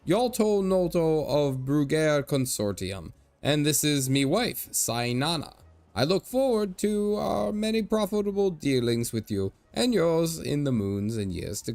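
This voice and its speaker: Aging, boastful stage-Irish trader, voiced by a man, raised and lively, hearty. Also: on the high side, unhurried, no echo, pitched above the performer's own voice. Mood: blustering jolly. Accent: put-on stage Irish. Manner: hearty, blustering, old-fashioned phrasing. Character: aging jolly male merchant, boastful, fussy. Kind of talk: reading game dialogue aloud.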